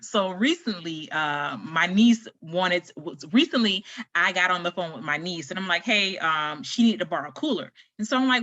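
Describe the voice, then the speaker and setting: A woman's voice: mid-range voice, moderate pace, no room sound, muffled recording. A woman hosting her own podcast, talking casually and rambling through a story with lots of fillers. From United States. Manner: chatty, rambling, animated retelling with frequent fillers. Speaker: podcast host. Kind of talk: casual solo podcast chat.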